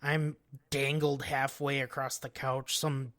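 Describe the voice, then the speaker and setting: Lively guy recounting stories on a podcast, bright tense tone, casual delivery. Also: mid-range voice, slow. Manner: animated storyteller, laughing, slangy. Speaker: podcast co-host. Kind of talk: casual storytelling chat.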